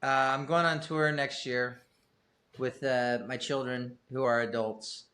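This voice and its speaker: A man's voice: mid-range voice, fairly even intonation, measured pace, bright, forceful tone. A middle-aged man talking as a guest on a podcast, rambling and self-deprecating, swearing casually. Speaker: guest musician.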